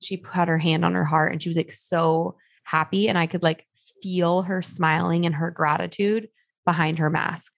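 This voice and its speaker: A young woman with a fairly low, gravelly voice co-hosts a podcast in a relaxed, chatty way. She tells stories freely and peppers them with fillers. The recording is close and dry. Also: moderate pace, no room sound. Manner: chatty, storytelling with many likes. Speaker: podcast co-host. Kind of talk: casual chat.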